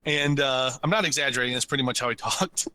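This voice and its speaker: A man co-hosting a podcast, telling a story in a casual, animated way and acting out what people said. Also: medium pitch, quick pace, no echo. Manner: animated, laughs while telling stories, acts out quotes. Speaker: podcast co-host.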